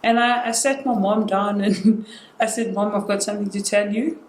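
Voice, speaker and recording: A woman's voice: medium pitch, moderate pace. Woman telling a story in a roomy space. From South Africa. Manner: animated retelling that acts out quoted dialogue. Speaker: guest sharing a personal story. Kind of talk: casual conversational storytelling. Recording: roomy indoor sound with faint noise.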